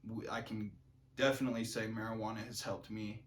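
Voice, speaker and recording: A man's voice: on the low side, little pitch movement, fairly quick. A man talking casually to camera in a rambling vlog monologue, full of fillers and restarts. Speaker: vlogger.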